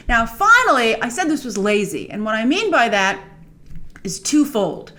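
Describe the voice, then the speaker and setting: A woman host delivers critical movie commentary in a fairly high voice. Her pitch swings widely as she stresses her points with emphatic energy. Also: very animated, moderate pace, a bit bright. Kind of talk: opinionated movie news commentary.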